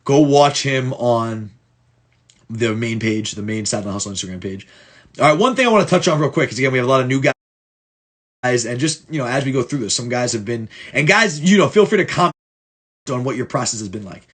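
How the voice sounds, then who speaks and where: Man, football coach, husky voice, casual film breakdown, blunt, swears, repeats himself. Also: mid-range voice, expressive, a little fast, fairly bright tone. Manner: blunt and profane, many restarts.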